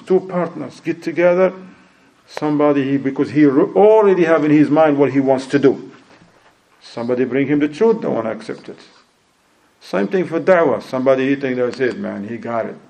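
A man's voice: a little high, lively intonation, moderate pace, creaky, mellow, poor audio. A man giving a sermon who acts out quoted people and mixes in Arabic phrases. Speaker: preacher.

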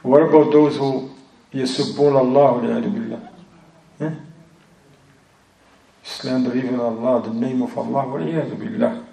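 Speaking from far off in an echoey room, this Islamic teacher explains a religious text in accented English, often moving into Arabic phrases and recitation. His medium-pitched voice is warm and gravelly, steady in tone, fast, and broken by long pauses.

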